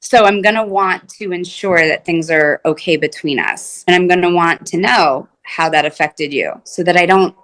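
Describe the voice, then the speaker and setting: A woman's voice: on the low side, normal speed, few pauses, a bit bright. A woman couples therapist speaking in an interview, earnest and explanatory, often acting out the words of her clients. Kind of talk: conversational interview.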